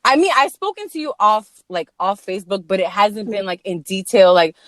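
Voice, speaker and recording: A young woman hosting a podcast from home, chatting casually, jokey and quick to laugh. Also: mid-range voice, sing-song, fairly bright tone, no echo, clean studio sound. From Maryland. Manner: giggly, jokey, laughs often. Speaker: podcast host. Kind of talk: casual chat. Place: home room, door opened.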